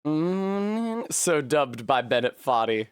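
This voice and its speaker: Male game streamer, slightly high voice that jumps all over, profane and excitable, dry close sound. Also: slow pace, smooth, dry recording. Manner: animated, swears freely, bursts of laughter. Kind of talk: live gameplay commentary.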